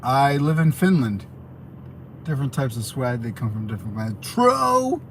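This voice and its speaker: A man's voice: mid-range voice, normal speed, darkish tone, slight background noise. Rambling American man on a livestream. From United States. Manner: rambling, conversational, many fillers and restarts. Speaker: livestream host. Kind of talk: casual livestream chat reading viewer questions.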